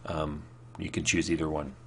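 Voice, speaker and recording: A man's voice: very deep voice, level tone, moderate pace, creaky, fairly bright tone, a little hiss or hum. A man chatting casually on a live stream, reading viewer questions aloud and answering off the cuff, rambling with lots of fillers and restarts.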